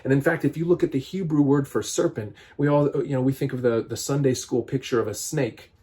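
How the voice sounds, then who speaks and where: A man reading scripture aloud and explaining it in an earnest, critical commentary, pausing often and restarting his sentences. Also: medium pitch, mellow. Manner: reads scripture aloud, then explains it with many restarts and fillers. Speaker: vlogger giving political commentary.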